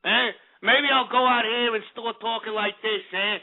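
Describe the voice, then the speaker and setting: A man's voice: extremely high pitch, steady tone, moderate pace, vocal fry. A man mocking a brash, swaggering young Jersey Shore party guy with a thick tough-guy drawl that tags every line with "eh?". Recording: tinny phone-line radio.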